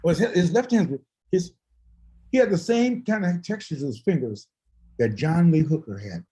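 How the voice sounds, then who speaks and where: A man in a casual chat tells stories with lots of laughter and acts out the people he quotes. His voice sits a little high for a man and swings a lot from line to line. He sounds like he is on a video call. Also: normal speed, rough recording. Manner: animated, laughing storyteller who acts out quotes. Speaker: guest musician.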